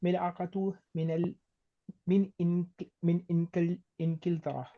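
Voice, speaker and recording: A student in a class, reading aloud haltingly word by word. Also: mid-range voice, fairly even intonation, narrow, tinny audio.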